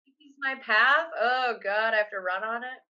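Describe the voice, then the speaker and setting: A woman chats on a podcast, cracking jokes and slipping into quick impressions of people. Her tone is bright and sharp, slightly above average in pitch. The sound is dull, like a cheap lo-fi mic. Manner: joking, quick, acts out quotes. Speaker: podcast co-host. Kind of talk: casual chat.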